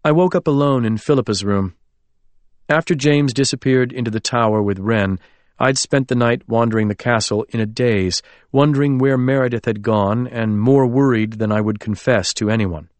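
A man reading a novel aloud as an audiobook narrator, in a measured, literary storytelling manner. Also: medium pitch, no echo. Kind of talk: scripted narration.

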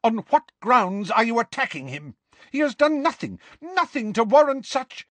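A man voicing a stern older female professor who shouts commands in indignation, in a storybook reading. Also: very high voice, very animated, moderate pace, no echo, pitched above the performer's own voice, full character voice. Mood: indignant.

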